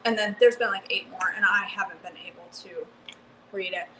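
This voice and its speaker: A woman hosting a live cooking stream from her home kitchen, chatting excitedly and answering viewers by name. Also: mid-range voice, normal speed, faint music behind, low-quality recording. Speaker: cooking livestream host. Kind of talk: casual live cooking chat, reading comments.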